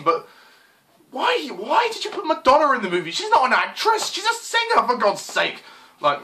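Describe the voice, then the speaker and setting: A man's voice: extremely high pitch, huge pitch swings, moderate pace, sharp tone. A man giving an exasperated, swearing rant as a film reviewer, full of fillers like "you know" and "I mean.".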